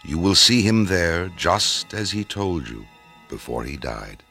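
A man's voice: low-pitched, big pitch swings, unhurried, pushed and bright, soft background music, exaggerated voice. A man playing a solemn angel in a radio drama, speaking with command. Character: solemn angel at the tomb, male.

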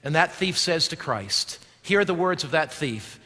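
High-voiced pastor preaching dramatically in a hall. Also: male voice, lively intonation, unhurried. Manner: dramatic preaching, swings from loud emphatic shouts to low quiet delivery. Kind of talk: sermon.

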